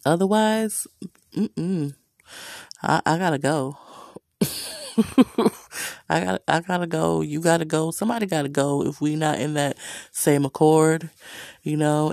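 A woman's voice: deep voice, creaky, warm tone, dry recording, clean studio sound. A woman talking candidly to camera in a blunt, profane way, laughing often and leaning on "you know.". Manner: frequent "you know" fillers. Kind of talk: candid personal monologue.

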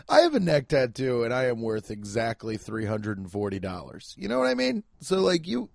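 A man's voice: medium pitch, wildly swooping pitch, normal speed, gravelly, few pauses, a little mellow, no room sound, studio quality. A man who is a stand-up comedian, chatting casually and self-deprecatingly on his podcast from home. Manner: rambling, jokey, self-deprecating.

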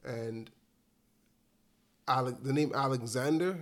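A man, a basketball coach, talking in a measured, reflective way with dry humor. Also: mid-range voice. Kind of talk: casual conversation.

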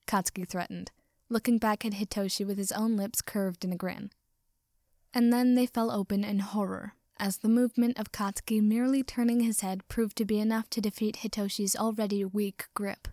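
A woman reading a story aloud with expressive narration. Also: medium pitch, normal speed, no room sound, studio quality. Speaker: audiobook reader. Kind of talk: reading fan fiction aloud.

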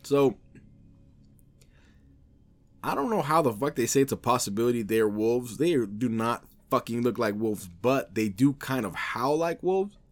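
A man's voice: mid-range voice, lively intonation, a little slow. A man hosting a podcast, talking in a casual, rambling, offhand way with heavy swearing. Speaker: podcast host.

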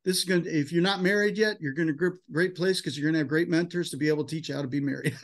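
A man's voice: fairly high pitch, very fast. A man leading a sales team, giving an emotional, hype-filled motivational talk in a casual style full of "man" and "dude". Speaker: insurance sales team leader.

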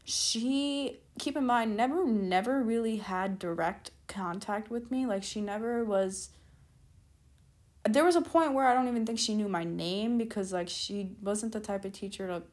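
A woman's voice: mid-range voice, measured pace, a little mellow. A woman telling a storytime vlog in a casual, rambling way, full of "like" and "keep in mind" asides, stopping to backtrack when she loses her thread. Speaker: storytime vlogger.

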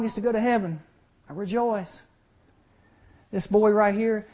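A youth speaker with a high voice and quick pace gives a sermon to young people, staying folksy and animated. He acts out the voices of the people in his story and often engages the crowd with questions, all on a muffled lo-fi recording.

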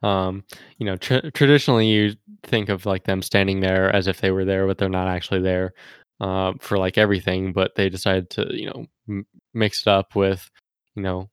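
Deep, smooth-voiced hesitant male podcast guest. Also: little pitch movement, normal speed, dry recording, studio quality. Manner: hesitant, many fillers and restarts. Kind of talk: casual podcast chat.

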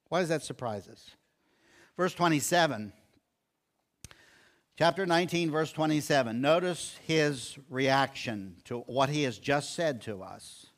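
An older man preaching with lively, animated storytelling. His voice sits a touch high for a man, and he acts out the quoted lines as he retells scripture to his congregation. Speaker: pastor. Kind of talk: sermon.

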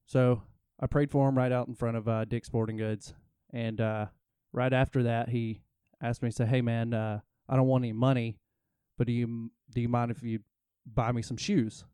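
Mellow-voiced man telling a rambling story. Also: mid-range voice, little pitch movement, moderate pace, smooth, no room sound, clean studio sound. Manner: rambling, self-interrupting storyteller. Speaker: podcast co-host. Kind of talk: casual storytelling chat.

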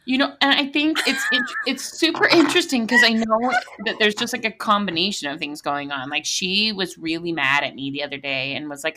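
Bright, lively woman telling a story. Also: on the low side, moderate pace. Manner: animated storyteller, laughs often, many fillers. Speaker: podcast co-host. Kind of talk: casual chat.

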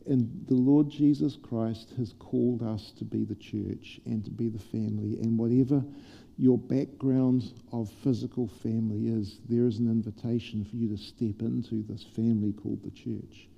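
Gravelly New preacher, dark voice. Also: male voice, mid-range voice, in a large hall. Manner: animated, humorous preaching that turns soft and prayerful. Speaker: pastor. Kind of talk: sermon. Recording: dull lo-fi church sermon recording.

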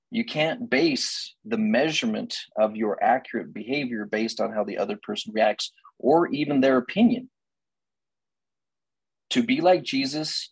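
A man's voice: medium pitch, slightly rough, no room sound, low-quality recording. A man counseling on relationships in a faith-based lecture, emphatic and full of rhetorical questions, repeating key lines for emphasis.

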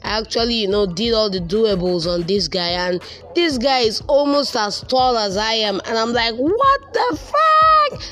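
A young man with a Nigerian accent telling a casual personal story, animated and repeating words for emphasis. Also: high voice, moderate pace.

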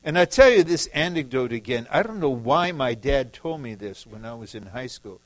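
A man's voice: mid-range voice, lively intonation, moderate pace, no room sound, rough recording. A man from the Detroit area preaching a sermon, emphatic and repetitive, acting out short quoted lines. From Detroit area, USA.

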